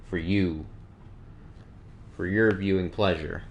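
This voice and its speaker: A man's voice: deep voice, a little slow, a bit bright. A man hosting a let's play, rambling casually and reading the game's story text aloud. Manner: rambling, self-deprecating, swears casually.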